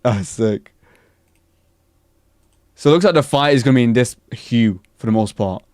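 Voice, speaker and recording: A man streaming live, reacting to anime news in excited casual chat and answering his chat. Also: medium pitch, normal speed, clean tone, no room sound, clean studio sound.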